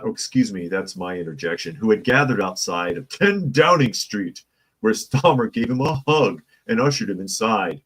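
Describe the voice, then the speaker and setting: Sarcastic husky-voiced male host. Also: on the low side, animated, normal speed, low-quality recording. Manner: sarcastic, improvising jokes. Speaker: news commentary host. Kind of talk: casual opinion commentary.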